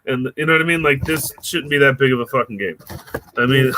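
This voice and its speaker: A man's voice: medium pitch, animated, normal speed, noisy background. A man from the United States, a comedian and producer, joking and swearing freely while chatting in a podcast interview.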